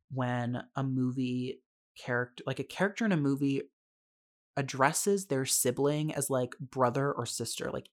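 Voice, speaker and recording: Young podcast host ranting casually about a movie, swears a lot, laughs a lot, lots of "like" and "um". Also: medium pitch. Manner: candid, swears freely, laughs often; chatty with frequent fillers and asides. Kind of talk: casual solo film review podcast.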